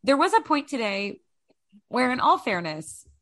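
A woman's voice: fairly high pitch, sing-song, unhurried, fairly bright tone, no room sound, clean studio sound. A young adult woman co-hosting a casual podcast chat, telling rambling, self-mocking stories about herself. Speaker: podcast co-host.

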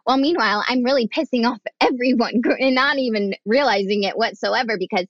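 A young woman speaking as a podcast guest, candid and animated, acting out the voices she quotes. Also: fairly high pitch, brisk, few pauses, no echo, highs cut off. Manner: animated, acts out quoted voices, frank and profane. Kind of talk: candid conversational storytelling.

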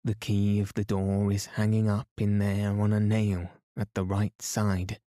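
A brave young man takes charge and shouts directions, played by a man narrating a storybook. The voice is low and mellow, with a narrow, even pitch and a dry sound. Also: unhurried, no echo, natural voice. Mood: urgent. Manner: urgent, commanding.

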